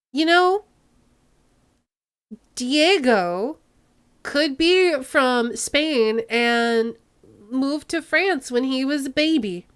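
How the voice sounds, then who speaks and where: A chatty woman streamer giving casual game commentary with lots of giggles. Her pitch is high and swoops all over. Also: animated, very slow, pauses often, a bit bright, smooth.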